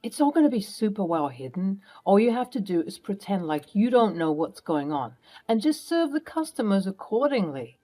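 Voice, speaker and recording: A woman's voice: mid-range voice, big pitch swings, moderate pace, few pauses, mellow. A woman voicing a shady, blustering stepfather who turns defensive and sneering when caught. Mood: scheming.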